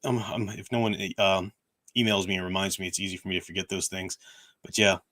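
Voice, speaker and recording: A hoarse man with a worn-out voice hosting a casual livestream, rambling with lots of restarts and fillers. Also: low-pitched, fairly even intonation, brisk, a bit bright. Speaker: livestream host. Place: at home, room with bookshelves.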